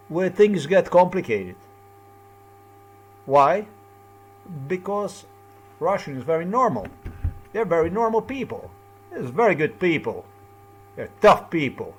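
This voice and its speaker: A man's voice: high-pitched, big pitch swings, slow pace, long pauses, husky. A man talking alone in a rambling, repetitive monologue with loose, off-the-cuff phrasing. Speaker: commentator.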